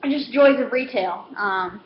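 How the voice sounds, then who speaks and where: A woman in retail gives a casual comedic rant, rambling and self-deprecating, full of filler words. Her voice is fairly high. The recording is a bit dull and lo-fi, with faint noise underneath. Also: a little slow. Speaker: retail store worker.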